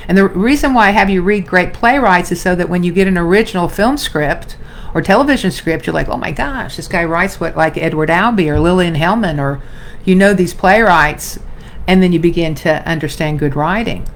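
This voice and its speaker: A woman's voice: lowish voice, brisk, slight background noise. A middle-aged woman acting coach teaching an online class in a chatty, self-interrupting way, calling her viewers "you guys" and "darling".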